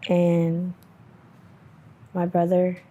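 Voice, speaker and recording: Woman interviewee, dark mellow tone, monotone, halting testimony. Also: on the low side, lo-fi sound. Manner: halting, many fillers, quiet and subdued. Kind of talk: personal testimony.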